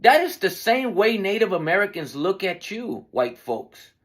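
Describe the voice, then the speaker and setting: A man's voice: sits high, sing-song, unhurried. A man hosting his own podcast, delivering an argumentative commentary monologue full of rhetorical questions. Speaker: podcast host.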